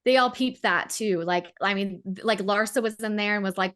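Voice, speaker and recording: A woman's voice: mid-range voice, moderate pace, a bit bright. A woman co-hosting a casual podcast, talking through a reality show with many fillers and emphatic asides. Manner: emphatic, lots of "like", defends players. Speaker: podcast co-host. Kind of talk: casual recap chat.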